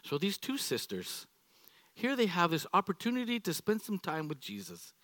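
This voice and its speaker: A middle-aged man preaching a sermon to a congregation, animated and playful, acting out everyday examples. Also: high-pitched, normal speed, gravelly, dry recording. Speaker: pastor. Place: church sanctuary.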